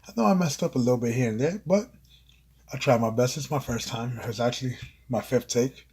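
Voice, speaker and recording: Husky man reading his own story. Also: medium pitch, fairly quick. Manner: expressive, earnest. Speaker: author and narrator. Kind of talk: amateur audiobook reading.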